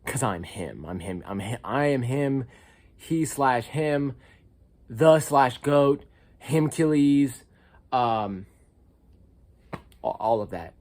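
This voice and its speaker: Animated yet slow, with frequent pauses, a young man with an American accent vlogs about funny college experiences. His delivery jumps from loud squeaks to low mumbles.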